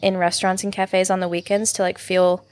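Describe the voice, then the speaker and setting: A young woman from the United States, a podcast guest chatting casually, animated, swearing freely and laughing often. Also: lowish voice, brisk. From American. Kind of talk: casual chat.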